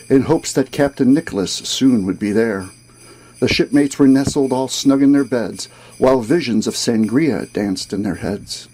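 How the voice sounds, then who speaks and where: A man reading a comic holiday rhyming poem aloud in a measured, storytelling rhythm. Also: medium pitch, warm tone, low-quality recording. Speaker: boating video host reading a holiday poem.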